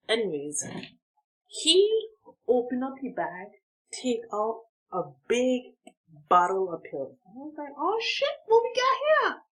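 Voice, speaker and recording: Husky woman from saint martin telling a bus story, chatty, keeps laughing. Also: a little high, rough recording. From Saint Martin, Dutch Caribbean. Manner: animated, laughs between lines, chatty slang. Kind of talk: casual storytime.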